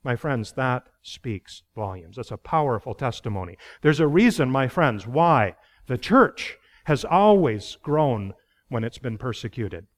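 A man's voice: mid-range voice, big pitch swings, unhurried. A man preaching a sermon as pastor, earnest, putting rising emphasis on key phrases and asking the congregation questions, with light laughs between points.

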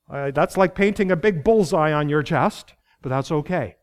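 A man's voice, pitched a little high for a man, delivering a sermon with earnest conviction. He stresses key phrases, puts questions to his listeners and laughs lightly between points. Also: normal speed. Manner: earnest preaching, rising emphasis on key phrases, asks the congregation questions. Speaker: pastor.

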